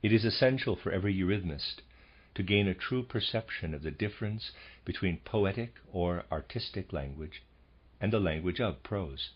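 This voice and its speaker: A man with a very low, slightly husky voice reads a lecture in a measured, formal way. The audiobook sound is a little dull and lo-fi. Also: expressive. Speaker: audiobook narrator. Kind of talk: scripted audiobook reading of a lecture.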